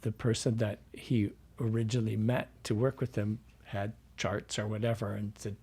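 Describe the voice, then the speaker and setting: Relaxed and rambling, a male dialect coach shares anecdotes in an interview, filling his casual chat with fillers and restarts. His voice is lowish, mellow, and a little husky, moving at normal speed.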